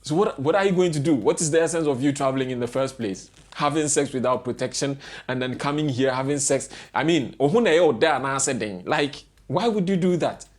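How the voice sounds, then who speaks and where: A man's voice: mid-range voice, expressive, brisk, hardly any pauses. A young man vlogging, ranting in casual commentary with exasperated, repeated rhetorical questions.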